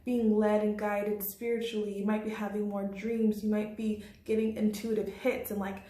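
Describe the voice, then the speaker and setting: Casual woman vlogger explaining astrology, chatty with frequent laughs, mid pitch, roomy room sound. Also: little pitch movement, moderate pace, warm tone. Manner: chatty, laughs often, says "like" and "okay?". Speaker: astrology channel host. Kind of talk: casual talk to camera.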